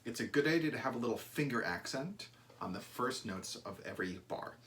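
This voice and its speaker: A man teaches violin, counting out beats and calling bowing cues with a lively, up-and-down voice. Fiddle music plays loudly under his words. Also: medium pitch, fairly quick. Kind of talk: instrumental music lesson. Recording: loud violin playing under the talk.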